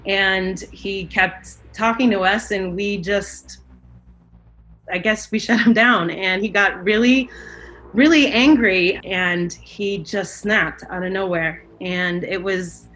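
Woman interviewee, mid-pitched, hesitant emotional recollection with fillers. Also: fairly bright tone, poor audio. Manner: hesitant, with fillers and restarts, growing intense. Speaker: interviewee recalling a childhood event.

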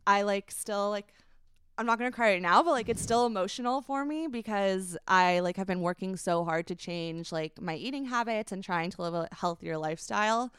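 A woman's voice: medium pitch, moderate pace, a bit bright, smooth, dry recording. A woman in her twenties, a guest on a podcast, telling a personal story in a hesitant, emotional way, full of likes and ums. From United States. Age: 20s. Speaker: guest, brand founder.

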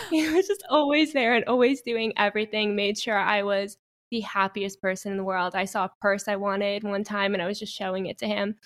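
A woman's voice: medium pitch, fairly even intonation, brisk, a bit bright. A young adult woman guest in an interview, speaking earnestly and telling heartfelt stories. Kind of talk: personal interview conversation.

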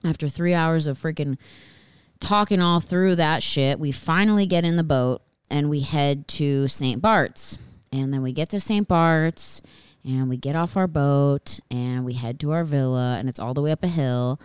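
A woman hosting a podcast, telling a rambling, profane travel story in a casual, animated way. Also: deep voice, moderate pace, smooth, no echo, clean studio sound. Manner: animated, swears constantly, anxious rambling. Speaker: podcast host.

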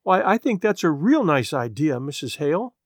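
Guy doing a timid sheriff's wife, soft n hesitant, kinda high, dry close sound. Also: big pitch swings, normal speed, no room sound. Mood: relieved. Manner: hesitant and gentle. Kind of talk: storybook reading.

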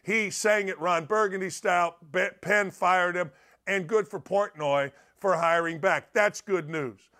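A middle-aged man hosts a sports talk show with a high, reedy voice. He rambles and jokes, jumping between loud outbursts and low muttered asides. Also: a little slow. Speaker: sports radio host. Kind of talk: energetic sports talk monologue.

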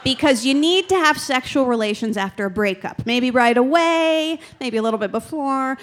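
A woman's voice: sits high, animated, normal speed, slight background noise. A young adult woman doing stand-up comedy, telling a candid, rambling and self-deprecating story.

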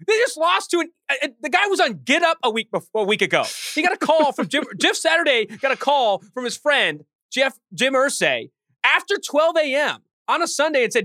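This sports podcast co-host has a high, bright, pressing voice that swings widely in pitch as he rattles off arguments fast in a heated rant. The recording is close and dry, with no room sound or echo.

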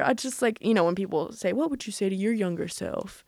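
Young woman vlogging, super chatty, lots of "like" and little laughs, mid-pitched voice, dry sound with no room echo. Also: fast talker, few pauses. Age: young adult. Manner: chatty, laughs often, heavy use of "like". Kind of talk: casual vlog, reading old journal entries aloud.

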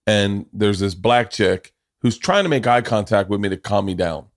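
Lower-voiced man telling a profane story. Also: normal speed. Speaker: podcast host. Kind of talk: casual comedic storytelling.

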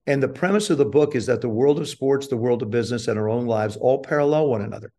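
An older man appearing as a guest on an interview show tells a story at his own expense, acting out the quotes with energy. He talks fast in a mid-range voice.

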